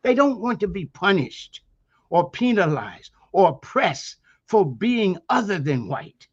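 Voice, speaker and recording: Speaking as an interview guest, this Eastern Shore, Maryland man lectures at a university and preaches emphatically, posing many rhetorical questions in a Maryland Black vernacular accent. His high voice swings widely in pitch at a measured pace, with a breathy edge and dull audio.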